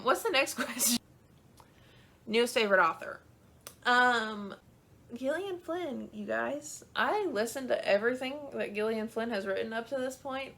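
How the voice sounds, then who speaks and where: Bright-voiced young woman gushing about books. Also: a little high, creaky. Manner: chatty and gushing, full of "um" and "like". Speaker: book vlogger. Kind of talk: casual chat.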